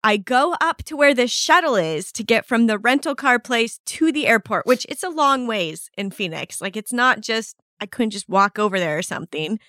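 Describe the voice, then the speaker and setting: Woman on a chatty podcast, laughs a lot, voice on the higher side, dry close sound. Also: no echo. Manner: laughs often, animated and chatty. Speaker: podcast co-host. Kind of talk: casual chat, storytelling.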